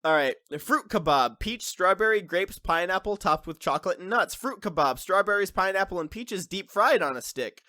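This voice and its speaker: A man's voice: high voice, animated, moderate pace, few pauses, pushed and bright, dry recording, studio quality. A man hosting a podcast in casual chat, reading a list aloud and laughing. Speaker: podcast host.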